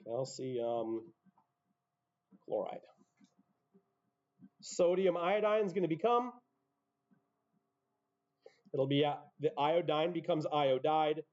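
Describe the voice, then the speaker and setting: A man's voice: on the high side, a little slow, long pauses, darkish tone, muffled recording. A man teaching a chemistry class, explaining step by step with offhand asides. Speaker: high school chemistry teacher. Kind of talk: classroom lecture.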